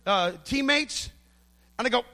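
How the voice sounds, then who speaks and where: High-voiced, bright-toned middle-aged preacher. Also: male voice, lively intonation, measured pace. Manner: emphatic, storytelling, acts out quotes. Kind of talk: sermon.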